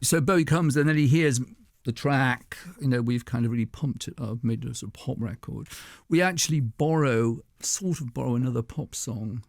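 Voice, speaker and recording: A man's voice: mid-range voice, normal speed, gravelly, few pauses, no echo, clean studio sound. An older man telling stories as a guest on a radio show, chatty and laughing often. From England. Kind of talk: anecdotal radio conversation.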